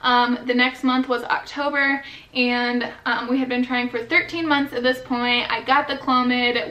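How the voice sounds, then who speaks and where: A woman's voice: high voice, sharp tone. A young woman in her twenties, a new mother, talking earnestly to camera in a personal vlog, with many fillers. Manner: earnest, heartfelt, filler-heavy talk. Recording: echoey room.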